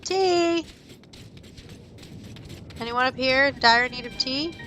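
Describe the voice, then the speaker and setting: A woman's voice: sits high, little pitch movement, a little fast, sharp tone, faint music behind, rough recording. A woman hosting a let's play, giving emotional, exclamatory commentary and reading the dialogue aloud. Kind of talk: casual gameplay commentary.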